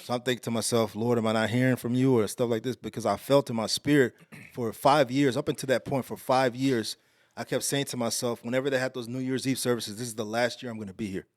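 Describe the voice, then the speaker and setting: A man from Texas, a podcast guest, telling a story in a casual, slangy, animated way. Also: fast talker, no echo, clean studio sound. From Alief, Houston, Texas. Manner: animated, slangy, getting louder and higher as the story builds.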